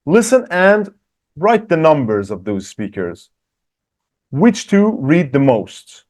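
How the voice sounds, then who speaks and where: A man teaching an online English lesson, reading example sentences slowly and clearly and talking directly to his viewers in an encouraging way. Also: on the high side, very animated, darkish tone.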